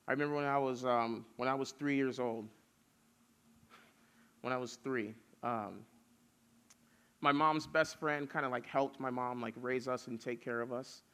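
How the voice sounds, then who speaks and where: A man's voice: medium pitch, fairly bright tone. A man preaching casually to young people, telling stories with lots of fillers. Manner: chatty storytelling with many fillers. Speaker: youth pastor.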